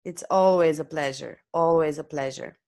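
A woman's voice: low voice, normal speed, darkish tone. A woman hosting her podcast as an author, who speaks expressively and poses structured questions.

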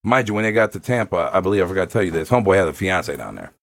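A man telling a comic story to friends, animated and slangy, often breaking into laughter. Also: deep voice, rapid-fire, vocal fry. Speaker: storyteller reading a thread to friends.

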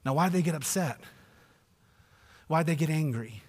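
A male pastor preaching a sermon emphatically, swinging between loud declarations and hushed asides. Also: fairly high pitch, measured pace, long reverb tail.

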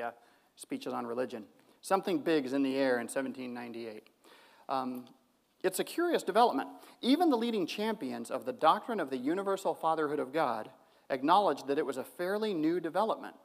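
A man's voice: mid-range voice, vocal fry. A man presenting an academic theology paper, reading long quotations and breaking off for casual asides. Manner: reads quotations with asides and fillers. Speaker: theology lecturer.

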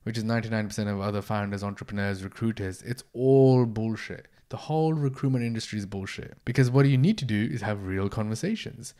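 A man's voice: fairly low pitch, brisk, few pauses. Blunt, swearing man hosting a podcast. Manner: blunt, swears freely, energetic. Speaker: podcast host, entrepreneur. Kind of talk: casual solo podcast monologue.

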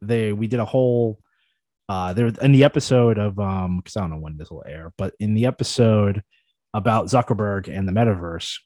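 A man's voice: on the low side, normal speed, a little mellow, no echo. A man co-hosting a casual podcast, rambling and self-deprecating, with many restarts. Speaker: podcast co-host.

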